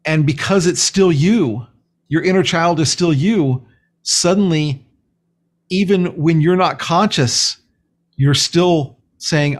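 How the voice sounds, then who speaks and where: A man speaking as a guest, explaining a spiritual practice in a calm, slow, earnest way. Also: fairly high pitch. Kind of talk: spiritual teaching in conversation.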